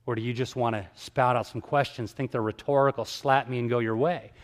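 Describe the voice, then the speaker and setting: Animated male preacher telling stories in a hall. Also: mid-range voice, fairly quick. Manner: animated storyteller, acts out dialogue. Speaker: evangelist speaker. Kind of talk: sermon-style storytelling talk.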